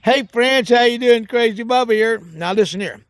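A man's voice: extremely high pitch, moderate pace, no echo, clean studio sound. A man putting on a goofy rural hillbilly character for a comedy monologue, folksy and whooping. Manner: folksy drawl with hoots and cackles. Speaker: comedy sketch character host.

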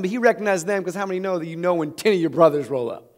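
Animated pastor retelling a story. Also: male voice, sits high, very fast. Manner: animated, chuckling, conversational. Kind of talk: sermon storytelling.

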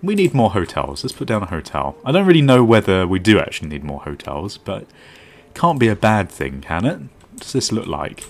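Lively low-voiced man narrating gameplay. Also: moderate pace, creaky. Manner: thinks aloud, self-mocking asides. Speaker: game commentator. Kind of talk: casual let's-play commentary. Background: faint background music.

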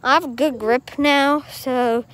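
A woman chatting excitably to camera in a casual vlog, at times out of breath. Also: high-pitched, a little slow. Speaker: vlogger. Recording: faint background noise.

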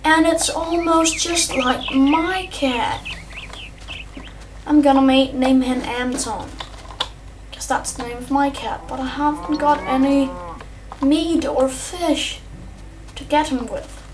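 A young male gamer doing rambling, excitable let's-play commentary, chatting to his viewers and his in-game pet. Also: high voice, slow pace, long pauses, background noise. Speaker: gameplay commentator. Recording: distant mic with faint keyboard typing.

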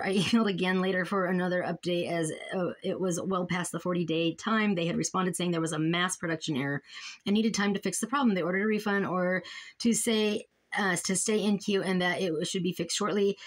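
A woman's voice: on the low side, steady tone, fairly quick. A young woman in a casual vlog at home, reading out emails and complaints, frustrated and exasperated, trailing off and restarting. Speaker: vlogger.

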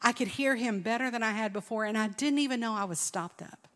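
A middle-aged woman telling a personal testimony at a conference, lively and storytelling, acting out what people said. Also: on the high side, brisk. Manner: animated storytelling with laughs and acted-out quotes. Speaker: conference speaker. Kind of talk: testimony sermon. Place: large church hall. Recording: long hall reverb.

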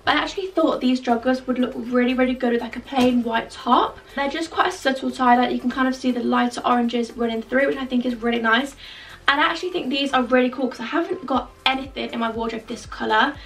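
A young woman chatting excitedly through a clothing try-on haul, gushing and full of fillers. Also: sits high, quick pace. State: out of breath. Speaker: fashion vlogger. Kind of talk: casual try-on haul chat. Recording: distant mic with faint background music.

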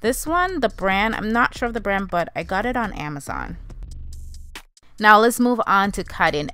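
A young woman with a slightly low voice talks her viewers through a hair tutorial. She keeps it casual and chatty, calling them "you guys" and "honey" as she goes. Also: fairly bright tone. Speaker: beauty vlogger.

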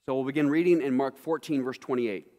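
A man's voice: medium pitch, fast, warm tone. A male pastor delivering a sermon, reading scripture and asking his congregation emphatic rhetorical questions. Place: church sanctuary.

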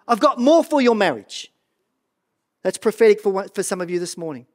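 A middle-aged man preaching a sermon as pastor of a church, earnest and animated, often stumbling and repeating words. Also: sits high, fairly quick.

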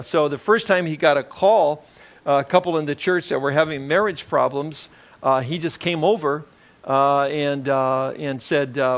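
A man preaching a conversational sermon as a pastor, relaxed and rambling, with many fillers and restarts. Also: mid-range voice, normal speed, creaky.

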